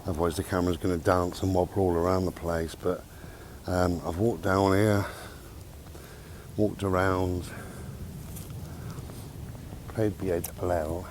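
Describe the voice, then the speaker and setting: Walking through a park and a bit winded, a man with a deep, darkish voice records a casual vlog on a handheld camera mic. He's chatty and rambling and addresses his dog, yet his delivery is flat and unhurried with frequent pauses. Outdoor noise sits faintly in the background.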